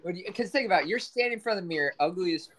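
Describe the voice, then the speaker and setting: A man's voice: high-pitched, animated, racing, a bit bright. A man co-hosting a podcast, rambling through crude casual banter. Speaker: podcast co-host.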